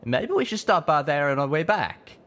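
A man's voice: on the high side, big pitch swings, normal speed, a bit bright, voice pushed up. A man reading an audiobook, voicing a scrappy young stallion pilot who talks in a folksy country style with drawled slang. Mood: eager. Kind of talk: audiobook reading of fan fiction.

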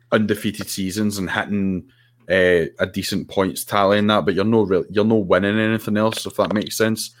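A man with a Scottish accent, a podcast co-host giving his views in casual football chat, hesitant with many pauses. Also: low voice, a little hiss or hum. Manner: hesitant, lots of ums and restarts.

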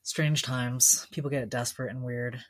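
A woman co-hosting a casual chat, telling a story in a relaxed way and laughing often. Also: a bass voice, moderate pace. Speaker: podcast co-host.

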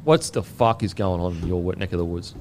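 A man's voice: sits low, expressive, a little fast, a little mellow, slight background noise. A man hosting a sports podcast, loose and joking. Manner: jokey, loose. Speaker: podcast host. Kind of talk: casual sports chat.

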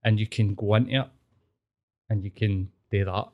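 A man's voice: fairly low pitch, fairly even intonation, moderate pace, highs cut off. A man with a Scottish accent, talking bluntly and earnestly as a podcast guest in casual chat.

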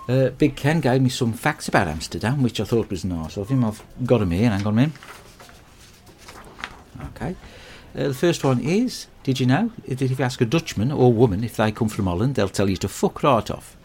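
A man delivers a crude, deadpan and rambling comic monologue. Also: mid-range voice, fairly quick, few pauses, slight background noise.

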